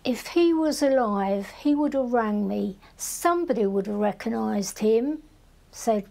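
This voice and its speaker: An older woman speaking in an interview, slow and halting as she talks about something painful. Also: fairly high pitch, expressive, gravelly, dark tone, poor audio. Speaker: mother of missing boy.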